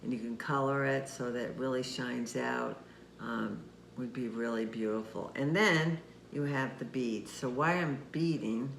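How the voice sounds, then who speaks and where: Gentle man leading a kids' craft. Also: medium pitch, gravelly. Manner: gentle, patient, speaks directly to children. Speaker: children's ministry teacher. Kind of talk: craft demonstration for kids. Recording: echoey room with faint noise.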